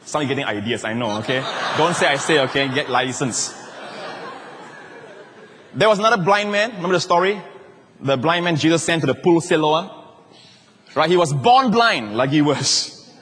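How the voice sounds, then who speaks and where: A male pastor, preaching a lively sermon with jokes and sudden shouted quotes. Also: on the high side, moderate pace, pauses often, big-room sound, slight background noise.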